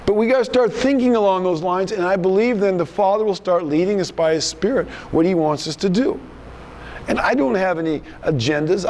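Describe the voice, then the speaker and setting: A man's voice: sits high, darkish tone, slight background noise. A male pastor preaching a sermon in an emphatic, rebuking manner, often repeating himself.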